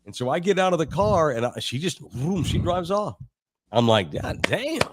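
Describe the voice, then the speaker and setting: Animated middle-aged man telling stories. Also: fairly high pitch, moderate pace, very noisy. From Texas. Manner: animated, profane, laughs while telling stories. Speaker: sports radio co-host. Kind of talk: casual podcast storytelling.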